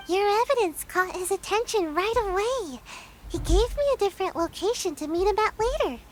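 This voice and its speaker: A woman's voice: extremely high pitch, lively intonation, moderate pace, a little hiss or hum. A woman voicing a timid, sleepy little girl ninja in a game, who sighs and yawns. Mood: tired. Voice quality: drowsy, sighing, yawning.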